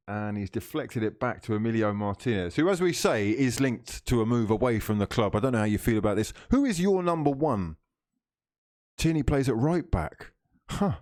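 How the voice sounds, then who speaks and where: A man's voice: mid-range voice, a little mellow. A man hosting a live football watchalong stream, reading out chat comments, teasing viewers and laughing often.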